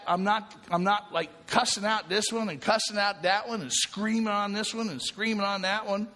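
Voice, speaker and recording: A man's voice: sits high, bright, forceful tone, in a large hall. A man giving a spiritual talk to a recovery group, speaking conversationally, often checking in with "right?" and repeating himself.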